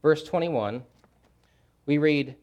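A man preaching a sermon, swinging from hushed, grave lows to loud, fervent emphasis and repeating key phrases. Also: slow pace, dull audio. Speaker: pastor.

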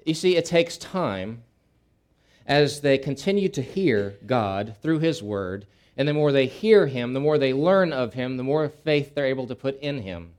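A male pastor delivering a sermon in an easygoing, storytelling way. His voice sits in an ordinary middle pitch, and he often circles back and restarts phrases as he talks. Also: lively intonation, measured pace, darkish tone. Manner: folksy storytelling with frequent restarts.

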